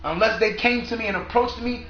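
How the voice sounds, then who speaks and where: High-voiced man ranting in an echoey room. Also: a little fast, a little hiss or hum. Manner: agitated, profane, talks in long run-on stretches. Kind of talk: rambling monologue to viewers. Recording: echoey room, dull lo-fi sound.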